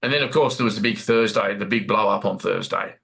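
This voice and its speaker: A middle-aged man acting as a talkative Australian warehouse supervisor, giving his account in a role-played interview. He has a gravelly, bright-edged voice and rambles, circling back over the same points and repeating himself. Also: on the low side, fast, rough recording. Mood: chatty. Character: chatty male warehouse supervisor, rambling witness. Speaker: workplace witness being interviewed.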